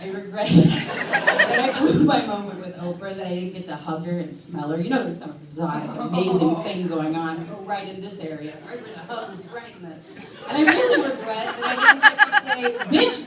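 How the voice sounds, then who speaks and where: A woman performing a stand-up comedy set, telling an animated story and jumping into high squealing voices for quotes. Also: brisk, very echoey. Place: comedy club stage. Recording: distant mic in a noisy comedy club with loud crowd. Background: audience laughter.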